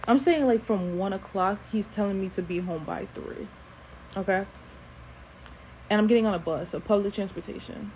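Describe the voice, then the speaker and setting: A woman tells a personal story on camera in a casual, animated way, often repeating phrases for emphasis. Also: medium pitch, normal speed. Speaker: storytime host. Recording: dull lo-fi sound with faint hiss.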